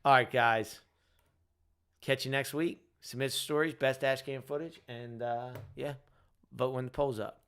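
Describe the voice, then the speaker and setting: A man's voice: medium pitch, steady tone, a little slow, fairly bright tone, clear, resonant tone. A man in his thirties chats casually as host of a livestream. He sounds tired and rambles, with frequent "like"s and "you know"s.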